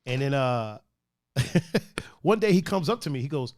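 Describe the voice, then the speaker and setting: A young man hosting a casual podcast, reading out viewer comments and telling lively stories with acted-out quotes. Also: a little slow, no echo, studio quality. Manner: animated storyteller who acts out quoted voices with big pitch jumps. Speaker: podcast host.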